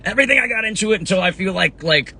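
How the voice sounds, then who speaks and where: An earnest man in his thirties talks casually into a phone mic, his voice sitting a little high for a man. He keeps checking in with the listener. A faint rumble runs underneath. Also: animated, racing, gravelly, bright, forceful tone. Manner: earnest, conversational, lots of "right?" and "you know what I mean". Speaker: fitness coach and motivational talker. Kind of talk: casual live talk. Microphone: phone or webcam.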